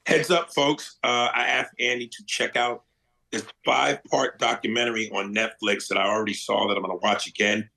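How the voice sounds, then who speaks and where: A man's voice: mid-range voice, little pitch movement, normal speed, creaky, bright, forceful tone, rough recording. A man co-hosting a casual podcast, passing recommendations to listeners with wry asides. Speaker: podcast co-host.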